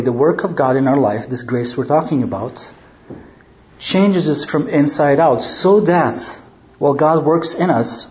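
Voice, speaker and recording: A man preaching a measured, explanatory verse-by-verse sermon, often posing rhetorical questions. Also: medium pitch, roomy sound, lo-fi sound.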